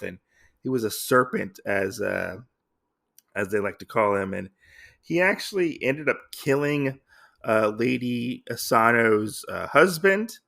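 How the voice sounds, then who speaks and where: A man's voice: medium pitch, vocal fry, fairly bright tone. A man casually recapping a comic story, rambling with lots of fillers and restarts. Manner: rambling with many fillers and restarts, reads lines in loose voices. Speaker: podcast host recapping a comic.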